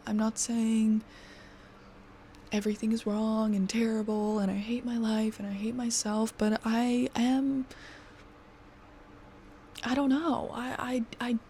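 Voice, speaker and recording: A woman in her twenties venting to her camera, frustrated and exhausted, swearing and often sinking into a breathy half-whisper. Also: on the high side, a little mellow, a little hiss or hum. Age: 20s. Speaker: vlogger.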